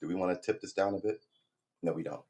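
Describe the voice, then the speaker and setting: A middle-aged man with a slightly low voice chats loosely on a livestream from his sofa at home. He rambles, pokes fun at himself and swears his way through pep talk between bits of guitar practice, close to a desk microphone. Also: fast, darkish tone, a little hiss or hum. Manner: rambling, self-deprecating, profane pep talk. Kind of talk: casual livestream chat.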